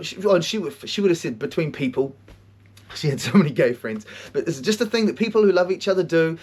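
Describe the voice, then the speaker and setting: Man, podcast host, slightly high voice, animated storytelling, heavy swearing, laughs a lot. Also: fast, breathy edge. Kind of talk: casual monologue.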